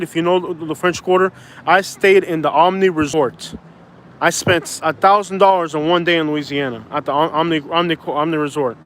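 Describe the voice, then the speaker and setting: A man's voice: on the high side, a bit bright. A man in his thirties chatting casually on a live stream outdoors by a bridge, rambling and arguing back at viewers. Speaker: vlogger doing a live stream.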